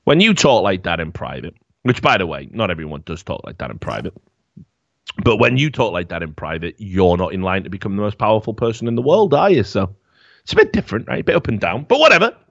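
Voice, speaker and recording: A man's voice: fairly low pitch, very animated, quick pace, creaky, fairly bright tone, no echo, dull audio. A man hosting a podcast in casual chat, sarcastic, swearing and laughing as he talks. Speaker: podcast host.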